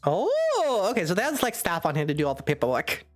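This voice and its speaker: A woman's voice: fairly low pitch, huge pitch swings, a little fast, soft background music. A woman streamer reading a dating game aloud live, chatty and giggly, voicing the narration and lines.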